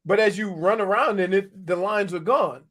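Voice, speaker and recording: Middle-aged male sports radio co-host, light high voice, lively storyteller, casual. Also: moderate pace. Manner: animated storytelling, laughs often. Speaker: sports radio co-host, former NFL player.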